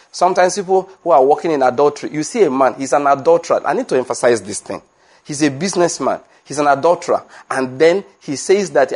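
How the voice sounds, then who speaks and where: A man's voice: animated, fast talker, breathy edge. Emphatic male preacher. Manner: emphatic, repeats key points, rises in pitch when pressing a point. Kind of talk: sermon.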